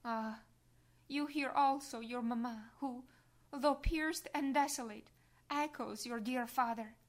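A woman reading a devotional meditation aloud in a hushed voice that often drops to a whisper. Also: on the high side, slow pace. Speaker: reader.

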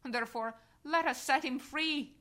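A Roman governor, a man, proclaims to a crowd in a loud, deliberate voice, as a woman reads him aloud. He speaks high and slowly, drawing out each appeal. The effect is of a devotional reading rather than a full stage performance. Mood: proclaiming. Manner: loud, declaiming.

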